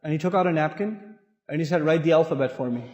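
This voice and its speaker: A man's voice: a little high, quick pace, lo-fi sound. A man from Pakistan preaching in a large mosque hall, telling stories with humor and acting out the voices of people in them. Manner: animated, humorous, acts out quoted voices. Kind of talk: storytelling sermon. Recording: echoey hall.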